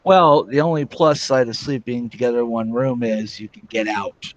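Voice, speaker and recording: A man's voice: mid-range voice, steady tone, moderate pace, lo-fi sound. Man hosting, short agreeing remarks. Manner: brief agreeing remarks, asks follow-up questions. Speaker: podcast host. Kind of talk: casual interview.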